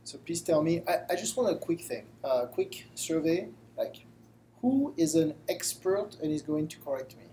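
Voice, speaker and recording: A man's voice: fairly high pitch, expressive, moderate pace, mellow, a little hiss or hum, poor audio. A man with a French accent giving a live lecture to a study group, self-deprecating and explaining with simple examples. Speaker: guest lecturer. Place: room with a live audience.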